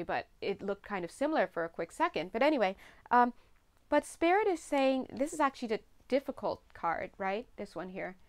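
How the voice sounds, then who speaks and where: A woman's voice: a little high, clear, resonant tone. A woman giving a chatty, casual tarot reading, laughing often. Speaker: tarot reader.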